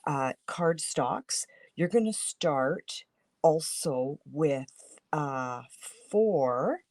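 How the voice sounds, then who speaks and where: A Canadian woman who demonstrates papercraft talks through a casual craft tutorial in a groggy morning voice. Her voice sits low with a darkish tone, and the recording is dry. She's chatty, with many fillers and restarts.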